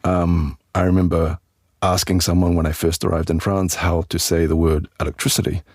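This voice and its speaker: Low-voiced guy teaching english on a podcast, easygoing and chatty, dry close sound. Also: moderate pace, no room sound. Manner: relaxed, chatty explaining with asides to the listener. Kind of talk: conversational podcast lesson.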